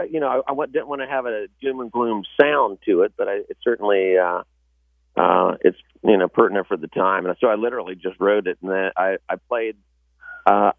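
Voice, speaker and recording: A man guesting on a radio show as a musician, chatting casually with halting starts and restarts. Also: on the low side, gravelly, no room sound. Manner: halting, many restarts and fillers. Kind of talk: casual interview chat. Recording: dry tinny phone-like sound.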